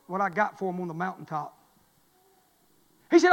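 High-voiced preaching man in reverberant church. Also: very animated, moderate pace, gravelly, pauses often. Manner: repetitive, building to loud shouted climaxes. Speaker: pastor. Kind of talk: sermon. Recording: long reverb of a church hall.

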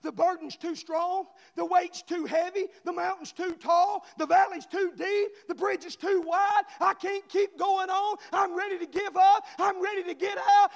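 Male pastor, high-pitched, shouting then hushed, call-and-response sermon in a church with long reverb. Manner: call-and-response preaching, swings between shouting and hushed tenderness. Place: church sanctuary.

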